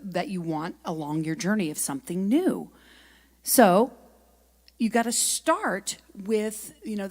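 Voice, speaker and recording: A middle-aged woman giving a lively, chatty spiritual talk at a spiritual center, telling stories and asking her audience questions. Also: medium pitch. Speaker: guest speaker and singer.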